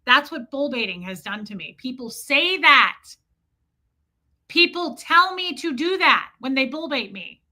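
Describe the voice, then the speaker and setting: A woman's voice: high-pitched, animated, unhurried, bright, forceful tone. A middle-aged woman hosting a livestream, talking bluntly and defiantly, with frequent swearing. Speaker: livestream host. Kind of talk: casual livestream talk.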